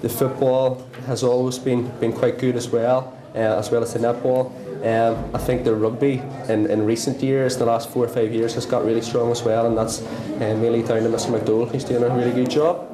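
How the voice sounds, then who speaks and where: A man, a school sports teacher, answering interview questions with many ums and pauses. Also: medium pitch, level tone. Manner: hesitant, many ums, thinks aloud. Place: busy school hall. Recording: echoey hall with crowd chatter.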